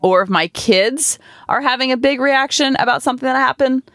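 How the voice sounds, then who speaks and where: A woman's voice: high voice, fairly quick, a bit bright, dry recording, clean studio sound. A middle-aged woman hosting a podcast, chatting casually and animatedly, with lots of fillers. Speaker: podcast host and coach. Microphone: studio podcast microphone.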